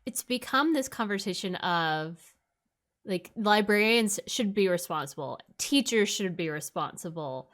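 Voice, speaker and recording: A woman's voice: mid-range voice, expressive, unhurried, a bit bright. A woman co-hosting a podcast, talking in an emphatic, ranting way with lots of "like" in casual chat. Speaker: podcast co-host.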